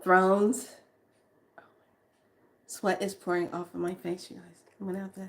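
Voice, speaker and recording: A woman hosting a spiritual vlog, reading names aloud slowly with breathy exclamations and sudden whoops while she says she is overheated and sweating. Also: lowish voice, little pitch movement. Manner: slow, breathy exclamations, bursts of whooping and laughter. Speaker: spiritual vlogger.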